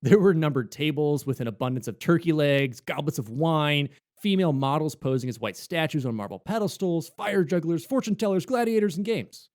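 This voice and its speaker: A man co-hosting a gaming podcast in casual chat, jokey and animated, slipping into quick silly voices. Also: a little high. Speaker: podcast co-host.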